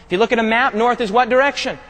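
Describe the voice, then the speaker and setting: A long reverb surrounds this sermon, as though it were captured in a big hall. The preacher's voice is strikingly high, swinging between loud, urgent stresses and quiet, hushed passages, and he frequently stops to let the congregation supply a word.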